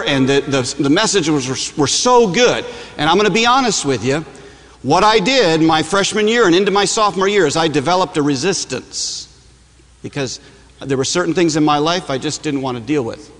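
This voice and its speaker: A man's voice: on the high side, fairly bright tone, big-room sound. A man from Michigan preaching a sermon, telling stories in a conversational, joking way. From Michigan, USA. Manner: conversational, self-deprecating humor, frequent "uh"s. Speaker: campus preacher. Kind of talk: sermon with personal storytelling.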